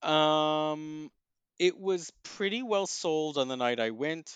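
A man reviewing plays and films in a casual chat, thoughtful and often pausing with ums and restarts. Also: on the high side, clear, resonant tone, no room sound. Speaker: theater and film critic.

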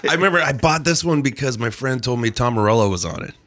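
A man's voice: mid-range voice, expressive, fast talker, a bit bright. A man co-hosting a casual music podcast with dry, joking banter. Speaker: podcast co-host. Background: album music playing.

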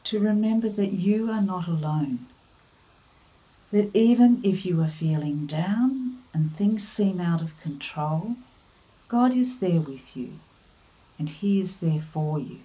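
A woman giving a devotional talk, telling a family story and offering earnest, gentle encouragement. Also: on the low side, expressive, slow, poor audio. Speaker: devotional speaker.

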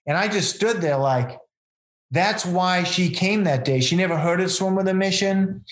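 A man's voice: high voice, moderate pace. A man telling stories about his event in a conversational interview, earnest and rambling, with many fillers and restarts. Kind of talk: casual storytelling in an interview.

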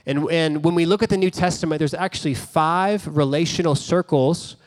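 A man's voice: fairly high pitch, normal speed. A man preaching a sermon as a pastor, telling a story in a conversational way with casual asides.

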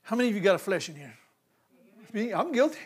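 A man preaching a sermon, swinging from loud, animated calls to hushed asides and laughing between points. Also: high-pitched, fast, breathy edge.

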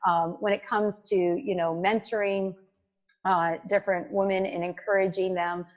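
A woman's voice: mid-range voice, moderate pace, highs cut off. A woman in her forties from Canada, a tech executive talking energetically in a casual interview as a guest and often asking "right?". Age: 40s. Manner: energetic, lively, frequent "like" and "right?".

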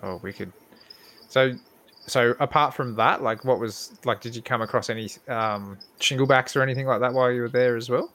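Podcast host, man, mid pitch, curious interviewer. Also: normal speed, fairly bright tone. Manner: curious questions.

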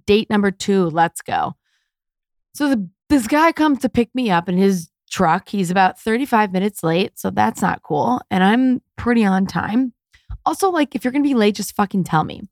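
A woman's voice: mid-range voice, normal speed, no room sound, clean studio sound. A woman hosting a podcast, telling dating stories in a candid, chatty way and acting out both sides of conversations. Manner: chatty, candid, animated with quoted voices. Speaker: podcast host. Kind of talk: casual storytelling monologue.

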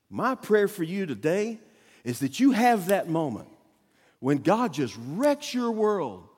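A man preaching a sermon as a guest pastor, telling a story with acted-out quotes and sudden loud bursts. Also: on the high side, slightly rough, in a large hall. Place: church auditorium.

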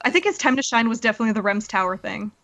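A woman's voice: on the high side, expressive, rapid-fire, fairly bright tone. A woman co-hosting a casual podcast, chatting about a game with loose fillers. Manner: chatty, loose fillers like "kinda" and "you know". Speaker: podcast co-host.

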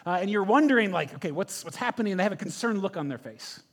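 A man preaching a sermon, telling a story with animated questions to the congregation. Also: high-pitched, fast talker. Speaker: pastor.

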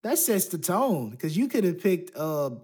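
Slangy laid-back guy rambling about a movie, voice a bit on the high side. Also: sing-song, unhurried, a little mellow, husky. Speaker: podcast co-host. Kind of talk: casual movie review chat.

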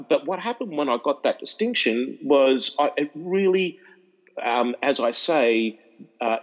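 Middle-aged Aussie speaker, animated storyteller, mid pitch, muffled lo-fi audio. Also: male voice. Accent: Australian. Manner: animated, repeats and restarts, acts out voices in anecdotes. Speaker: educational speaker to students. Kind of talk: storytelling interview chat.

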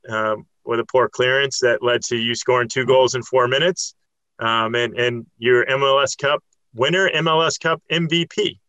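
A man with a bright, forceful voice chats casually and tells a story with animation, slipping into quick impressions of the people in it. The sound is close and dry, with no room around it. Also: medium pitch, clear, resonant tone, no room sound, muffled recording. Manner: animated, laughing, quotes others in voices.

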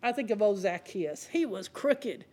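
A woman's voice: medium pitch, animated, unhurried, dark tone. A woman preaching a sermon, talking straight to the congregation in a conversational, humorous storytelling way. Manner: conversational, addresses the congregation directly.

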